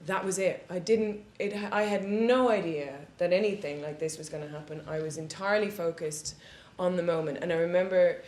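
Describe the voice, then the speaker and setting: A woman with a lowish, darkish voice talks a little fast with few pauses. As a guest on a live studio panel facing an audience, she recounts candid, profane stories and often laughs. Roomy echo and faint hiss color the recording.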